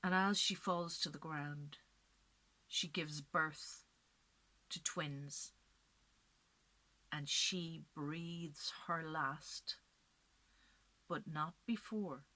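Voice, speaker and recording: Bright-voiced woman telling a legend. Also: sits low, drawn-out words, pauses often. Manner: expressive, builds to dramatic climaxes, drops to whispers. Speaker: storyteller. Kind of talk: oral storytelling of a legend.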